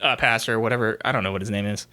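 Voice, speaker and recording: A man's voice: on the low side, fairly even intonation, very fast, pushed and bright. A young man co-hosting a podcast, chatting casually about a movie, rambling, swearing and acting out lines in silly voices. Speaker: podcast co-host. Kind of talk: casual movie review chat.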